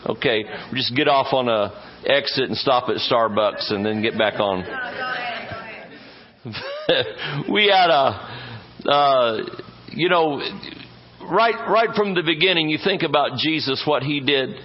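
A man's voice: medium pitch, animated, slow, long pauses. A man preaching a sermon as pastor, folksy and joking, stretching words for emphasis. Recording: dull muffled audio.

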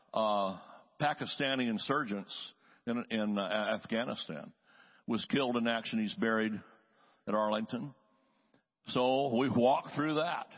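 Husky-voiced evangelist man in a reverberant hall. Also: mid-range voice. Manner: folksy, joking asides, restless restarts. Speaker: traveling healing evangelist, guest preacher. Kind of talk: conversational sermon. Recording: dull lo-fi sound with long hall reverb.

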